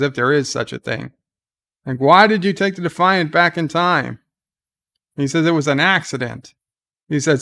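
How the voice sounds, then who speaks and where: A man with a medium-pitched, fairly bright voice hosts a live reaction stream. He retells the scenes casually and ramblingly, full of restarts and fillers.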